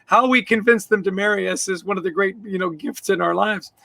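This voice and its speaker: A man's voice: sits high, fairly quick, creaky, pushed and bright, dry recording. A man co-hosting an interview, asking enthusiastic questions with stammered restarts. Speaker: co-host. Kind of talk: conversational interview.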